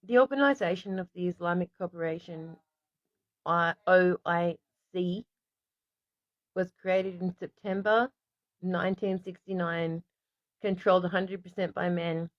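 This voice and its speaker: A woman's voice: fairly low pitch, steady tone, a little slow, pauses often, no room sound. An Australian woman hosting a casual stream, reading aloud to viewers and often stopping to apologize and restart. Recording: dry, slightly dull lo-fi sound.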